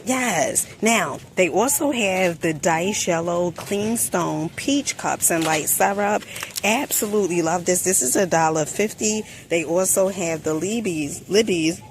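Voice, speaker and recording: Sassy chatty woman with a low voice. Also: slight background noise. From New Jersey. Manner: chatty and sassy, calls viewers honey, quick asides. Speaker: shopping haul vlogger. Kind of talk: casual product review vlog. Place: inside a store.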